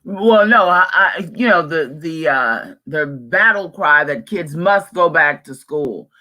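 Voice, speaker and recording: A woman co-hosting a podcast gives her strong opinions in an easy, casual chat. She talks slowly and deliberately. Her voice has a bright, forward tone. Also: low voice, animated. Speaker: podcast co-host.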